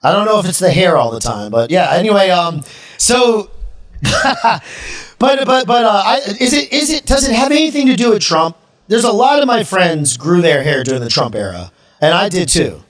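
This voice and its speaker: A man's voice: high-pitched, very animated, normal speed. A man from Florida hosting a podcast, brash and irreverent, rambling in casual crude chat. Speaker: podcast host.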